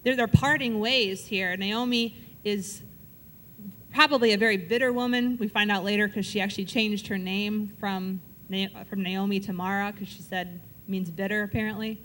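A woman's voice: mid-range voice, fairly even intonation, normal speed, a bit bright, a little hiss or hum. A woman leading a Bible study, reading verses aloud and explaining them in a casual, conversational way, often checking in with her listeners. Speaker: Bible teacher.

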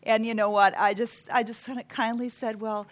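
A woman's voice: a little high, little pitch movement, normal speed. A woman preaching a sermon, earnest and emphatic, counting off numbered points.

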